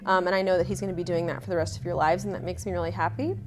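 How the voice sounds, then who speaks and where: A woman, the bride's former roommate, giving a heartfelt wedding video message, a little out of breath and pausing with many ums. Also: fairly low pitch, steady tone, noisy background.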